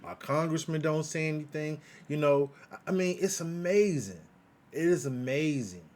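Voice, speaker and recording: A man's voice: fairly high pitch, normal speed, a little mellow. A man from the United States giving heated political commentary in a live audio chat room, emphatic and repetitive, posing rhetorical questions. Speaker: guest commentator.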